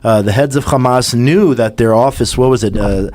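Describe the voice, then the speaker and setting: A man's voice: mid-range voice, moderate pace, darkish tone, no room sound. A man hosting a radio podcast in a studio, talking conversationally with frequent restarts. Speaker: podcast host. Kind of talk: radio talk show hosting.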